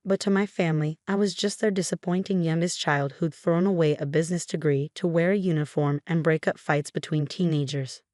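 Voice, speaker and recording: Low-voiced woman narrating a drama story. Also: fairly even intonation, a little fast, few pauses, a little mellow, no room sound, clean studio sound. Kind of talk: scripted first-person story narration.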